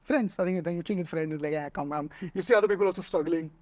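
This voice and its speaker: A man with an Indian accent, a screenwriter guest telling animated stories in a casual interview and acting out what people said. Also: sits high, very fast, dry recording. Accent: Indian English. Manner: animated storytelling, acting out quotes, laughs often.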